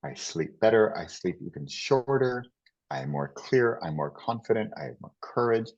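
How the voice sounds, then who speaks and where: Low-voiced guy on a podcast, rambly animated stories, kinda muffled lo-fi sound. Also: moderate pace. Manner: rambling, animated storytelling with restarts. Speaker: podcast guest. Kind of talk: casual conversation.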